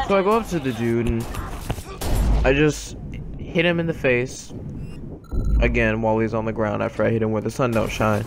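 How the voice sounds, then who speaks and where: A man tells a dramatic story in a loose, slangy way and breaks off for comic asides. His voice sits at an ordinary middle pitch. Clear background noise runs under the recording. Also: fairly even intonation, moderate pace, pauses often. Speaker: gaming YouTuber. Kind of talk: casual storytelling.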